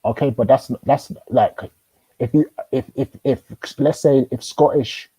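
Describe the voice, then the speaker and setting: A man's voice: medium pitch, unhurried, dark tone, husky, dry recording, low-quality recording. A man arguing in a casual debate, probing with questions and stumbling through many restarts. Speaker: host.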